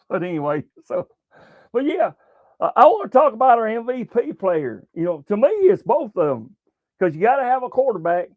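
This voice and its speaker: A man's voice: high voice, big pitch swings, moderate pace, long pauses, dry recording. A man with a Southern American accent hosting a casual sports livestream, rambling in a folksy way with many fillers as he talks to his chat. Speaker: sports show host. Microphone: webcam livestream setup. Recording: tinny phone-like sound.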